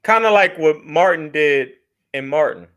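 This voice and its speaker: A joking, animated man co-hosting a casual podcast. His voice is bright and fairly high, and it swings widely in pitch. He laughs easily as he riffs. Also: a little slow, clean tone. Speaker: podcast co-host. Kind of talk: casual banter.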